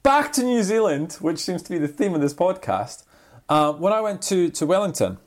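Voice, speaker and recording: A podcast co-host in casual storytelling chat, rambling through anecdotes with vivid sound effects. The pitch is lively and swoops around a lot. The delivery is loose and energetic, full of restarts. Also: normal speed.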